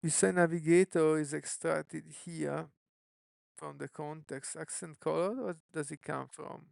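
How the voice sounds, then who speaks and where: Developer streaming live code, thinks aloud, heavy vocal fry, dry close sound. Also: medium pitch, fairly even intonation, darkish tone, no echo. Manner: musing, self-questioning, unhurried.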